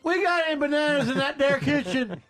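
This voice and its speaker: A man's voice: very high-pitched, lively intonation, brisk, fairly bright tone, faint music behind, pitched above the performer's own voice. A man putting on a lovesick southern redneck. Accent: put-on American Southern. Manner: crude, goofy, sing-song wooing. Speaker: radio show host. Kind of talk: comedy radio bit.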